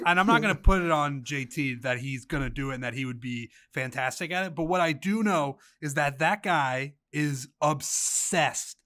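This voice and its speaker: Rambling man with a slightly high voice. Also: a bit bright. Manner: rambling, full of filler words. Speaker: podcast co-host. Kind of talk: casual chat.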